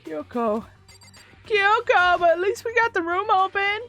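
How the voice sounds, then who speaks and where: High, excitable young woman gamer. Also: measured pace, soft background music. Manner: excitable, gasping and squealing. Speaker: gaming channel host. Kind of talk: excited let's-play commentary.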